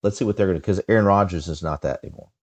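A man co-hosting a casual sports podcast, opinionated and halting, often repeating his words as he starts a thought. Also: deep voice, a little mellow. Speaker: podcast co-host.

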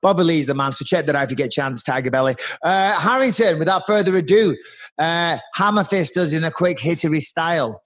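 A man co-hosting a podcast, talking in a blunt, sweary and animated way. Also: fairly high pitch, a little fast. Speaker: podcast co-host. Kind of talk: casual podcast chat.

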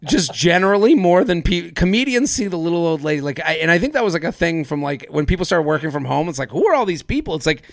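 Animated man hosting a comedy podcast. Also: on the high side, vocal fry, dry recording. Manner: joking, animated storytelling with quick laughs. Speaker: podcast host. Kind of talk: casual comedy podcast chat.

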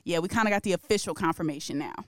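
A woman's voice: lowish voice, very fast, a little hiss or hum. A woman hosting a podcast, chatting casually and upbeat, laughing often. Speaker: podcast host.

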